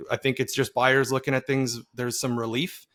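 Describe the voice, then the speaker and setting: A man's voice: mid-range voice, flat delivery, normal speed, fairly bright tone. A man co-hosting a real estate podcast, talking casually and often restarting or repeating words. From Canada. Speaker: podcast co-host, realtor. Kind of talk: casual chat.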